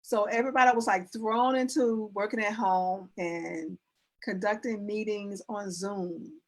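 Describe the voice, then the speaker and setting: A woman's voice: mid-range voice, steady tone, measured pace. A woman, an etiquette and image consultant, talking in a casual interview, earnestly explaining with everyday examples. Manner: explains with everyday examples and demonstrates sentence endings; earnest, instructive, with frequent restarts.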